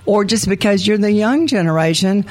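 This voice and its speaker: Older woman telling a lively story. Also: medium pitch, moderate pace. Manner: animated anecdote telling with acted quotes. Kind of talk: conversational storytelling.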